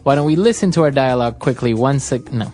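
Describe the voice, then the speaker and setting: A woman's voice: a bass voice, animated, fast talker, dark tone, soft background music. A woman hosting an English lesson podcast, explaining phrases steadily with frequent affirmations. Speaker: podcast host, English teacher.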